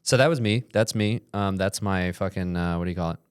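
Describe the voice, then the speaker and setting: A young man with a very low, deep voice rambles through a casual podcast chat. The sound is dry and close, with no room around it, and now and then he bursts into loud, joking yells. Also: brisk, clear, resonant tone, no room sound. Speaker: podcast co-host.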